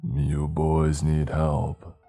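Eerie flat stranger in the dark, done by a man, voice way down low and dark, dragging every word out slow with no feeling at all. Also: creaky, soft background music, heavily acted. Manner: flat monotone, slow and stoic.

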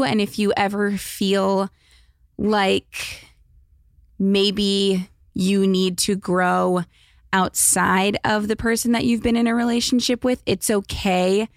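A woman's voice: mid-range voice, dry recording, clean studio sound. A young woman hosting a podcast, giving casual advice in a chatty way with lots of fillers. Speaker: podcast host.

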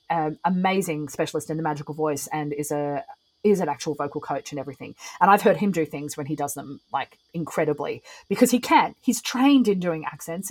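Low-voiced woman explaining. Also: rough recording. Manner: thoughtful, explanatory, frequent ums. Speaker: guest, ritualist and singer. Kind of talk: casual podcast conversation.

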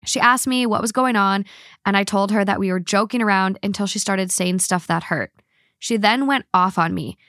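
A woman hosting a chatty podcast, blunt and quick to swear as she reads listener stories aloud. Her voice sits at an ordinary middle pitch. The sound is close and dry, with no room echo. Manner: blunt, swears freely, animated. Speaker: podcast host. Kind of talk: casual chat, reading listener stories aloud.

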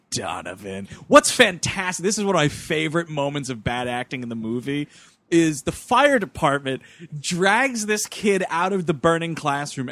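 A man chatting casually about a bad movie, animated, acting out scenes in quoted voices and swearing freely. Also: on the high side, no echo. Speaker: podcast co-host. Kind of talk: casual chat reviewing a movie.

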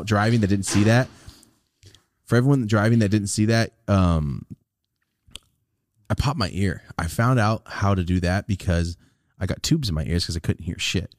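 Swearing podcast host, low voice. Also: male voice, no echo. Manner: animated storytelling, swears a lot, acts out quotes. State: recovering from a sinus infection. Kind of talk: casual podcast chat.

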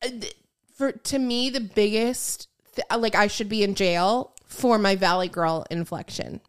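Smooth-voiced woman with Valley Girl uptalk. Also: mid-range voice, a little slow. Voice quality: vocal fry, upward Valley Girl inflection. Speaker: podcast co-host. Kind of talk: casual chat.

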